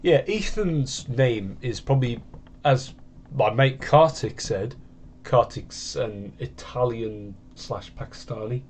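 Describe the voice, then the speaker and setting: Guy, mid-pitched voice, rambling casual game commentary. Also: expressive, takes it slowly, darkish tone, slight background noise. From United Kingdom. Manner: rambling, meandering chat. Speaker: gaming channel host.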